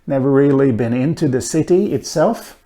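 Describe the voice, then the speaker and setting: A man giving a linguistics lecture, talking slowly with many "uh" fillers and an occasional dry aside. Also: mid-range voice, warm tone. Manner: slow, hesitant, frequent "uh" fillers, dry asides. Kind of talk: recorded online lecture.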